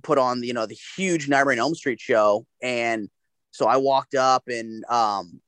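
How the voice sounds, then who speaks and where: Animated storytelling man, dry sound. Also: medium pitch, measured pace, no echo. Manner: animated, profane anecdote-telling. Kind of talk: casual storytelling chat.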